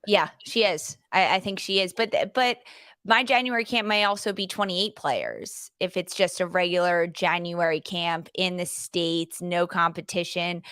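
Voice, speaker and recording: A woman's voice: on the low side, a bit bright, no echo. Chatty woman co-host, dry close sound. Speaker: podcast co-host. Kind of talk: casual sports podcast chat.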